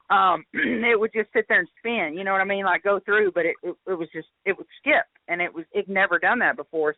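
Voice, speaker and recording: Woman host, casual storyteller with lively quoted voices, phone-line sound, dry. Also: no room sound. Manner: animated, jumps into high voice when quoting.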